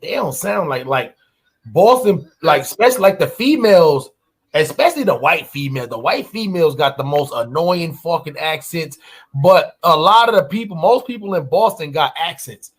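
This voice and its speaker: Husky high-voiced man, blunt podcast chat. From New York. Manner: blunt, profane, animated storytelling. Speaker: podcast co-host. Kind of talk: casual chat.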